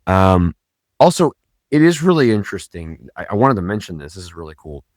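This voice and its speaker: A man's voice: deep voice, sing-song, brisk, darkish tone, dry recording, clean studio sound. A man hosting a podcast, talking in a casual, rambling way with many fillers and self-corrections. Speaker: podcast host.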